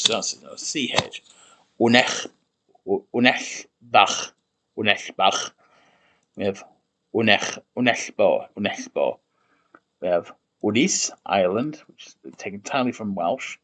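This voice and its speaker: A man on a casual livestream, musing aloud and slowly sounding out invented words, often correcting himself as he goes. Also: lowish voice. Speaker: streamer building a constructed language.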